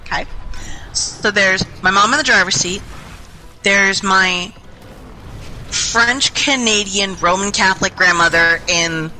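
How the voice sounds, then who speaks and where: A young adult woman casually telling a long, rambling story over game voice chat, chatty and animated, swearing freely. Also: medium pitch, slow, long pauses, slight background noise, poor audio. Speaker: gaming group member. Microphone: headset or desk mic in online voice chat.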